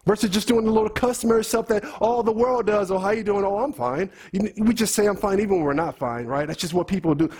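A man's voice: high voice, fast talker, few pauses, a little mellow, husky. A man preaching a sermon, teaching through a letter in casual, emphatic speech that repeats words and mixes scripture with everyday talk.

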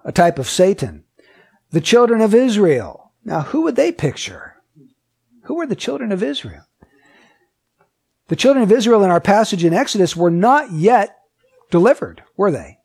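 High-voiced man preaching an emphatic sermon. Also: sing-song, normal speed, pauses often, a little mellow, breathy edge. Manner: asks the listeners many questions; emphatic and repetitive.

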